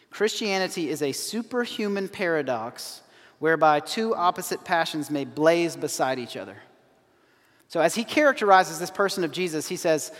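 A man's voice: a little high, fairly bright tone, big-room sound. A man preaching a sermon, earnest and emphatic, quoting scripture with rising emphasis. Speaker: pastor.

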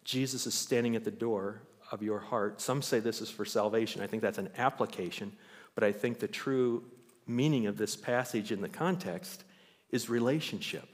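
A male pastor with a lowish voice preaches a sermon at normal speed in a church sanctuary, animatedly telling Bible stories and raising his voice to act them out. The recording carries long hall reverb.

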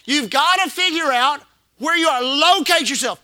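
A man's voice: very high-pitched, animated, normal speed, sharp tone, no room sound. A man preaching a sermon as pastor, repeating phrases and calling the congregation to respond. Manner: preaching with call-and-response and repetition.

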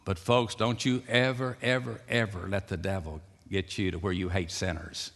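A man preaching a sermon, dropping to a hushed, slow voice and rising to loud, excited calls. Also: deep voice. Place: church sanctuary. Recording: long reverb of a church hall.

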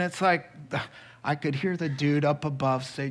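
A man preaching a sermon, telling a Bible story with lively acted-out quotes and asides. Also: fairly high pitch, unhurried. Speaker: pastor.

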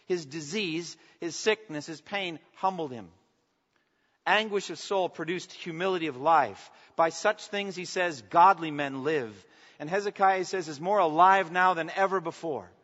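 A man preaching a sermon as pastor, swinging from emphatic declarations to soft, intimate asides and asking the congregation for response. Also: on the high side, unhurried. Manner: preaching with rising emphasis, then dropping to soft, intimate lines. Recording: long reverb, dull lo-fi sound.

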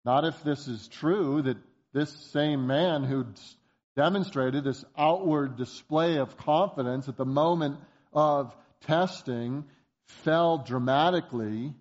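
A man's voice: fairly high pitch, slow pace, darkish tone, dull audio. A man preaching a sermon, emphatic, posing rhetorical questions at a varying pace. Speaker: pastor.

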